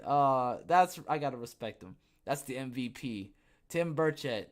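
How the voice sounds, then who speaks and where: A man's voice: mid-range voice, moderate pace. A young man hosts a podcast and talks through news items in a casual, mid-range voice. He reads a line, then breaks off into sarcastic remarks. He stumbles over his words, restarts and fills the gaps with "uh" and "um". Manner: sarcastic asides, frequent fillers and restarts. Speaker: podcast host. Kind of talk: casual commentary reading news aloud.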